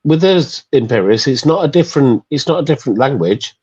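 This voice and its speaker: A man's voice: medium pitch, lively intonation, a little fast, darkish tone, husky, dry recording, muffled recording. A man with an English Midlands accent arguing his point in a casual group chat, emphatic and swearing freely.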